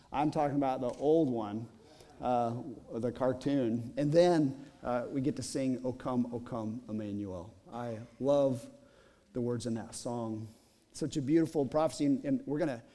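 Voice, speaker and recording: A man's voice: mid-range voice, warm tone. A middle-aged man preaching as a pastor in a church, telling a story in a chatty way with many fillers. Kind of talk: sermon.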